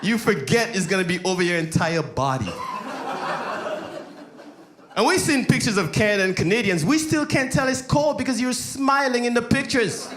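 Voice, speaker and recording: High-voiced man doing stand-up. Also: expressive, normal speed, noisy background. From Saint Lucia. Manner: loose, laughing, mocking voices. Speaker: stand-up comic. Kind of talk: stand-up set. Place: comedy stage before live audience. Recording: echoey club with loud crowd.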